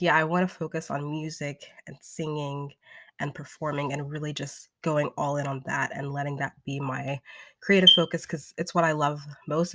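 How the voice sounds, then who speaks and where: A woman's voice: deep voice, fairly bright tone, no echo, studio quality. A young woman in her twenties, a singer and vocal coach, talking casually and upbeat with lots of fillers, as in a live stream replayed as a podcast.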